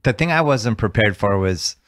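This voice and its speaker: A man's voice: on the low side, lively intonation, normal speed, fairly bright tone, no room sound, clean studio sound. A man interviewing an actor in casual chat, giving blunt, opinionated takes. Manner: blunt, opinionated, talks film craft.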